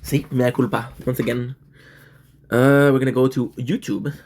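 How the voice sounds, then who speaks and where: A man's voice: medium pitch, flat delivery, moderate pace, a little mellow. A young man hosting his channel, talking in a rambling, meandering way to his viewers, swearing freely and tagging "right?" onto his thoughts. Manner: meandering, profane, keeps asking "right?". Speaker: channel host. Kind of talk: rambling casual monologue to viewers. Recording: echoey room, faint hiss.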